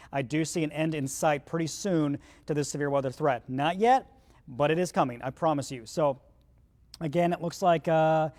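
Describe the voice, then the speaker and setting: A man's voice: fairly high pitch, a little mellow. A man, the chief meteorologist, giving live storm coverage as he walks viewers through radar in a conversational, urgent way, with hiccups. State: has the hiccups. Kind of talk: live broadcast weather coverage.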